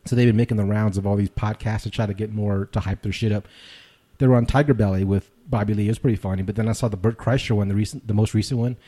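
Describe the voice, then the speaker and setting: Laid-back man with a dark voice. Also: lowish voice, fairly even intonation, fast talker. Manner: profane, rambling storyteller who laughs often. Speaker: podcast co-host. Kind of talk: casual chat.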